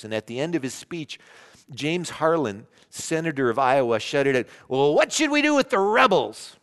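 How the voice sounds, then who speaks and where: A man preaching a sermon as a pastor, earnest, alternating loud emphasis with hushed, low passages. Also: clear, resonant tone. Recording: long hall reverb.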